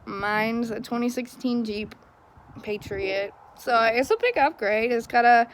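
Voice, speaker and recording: A woman's voice: on the high side, expressive, measured pace, slight background noise. A young woman telling a story in a casual vlog, chatty and frustrated, laughing often, filming on a phone outdoors in the cold. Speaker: vlogger.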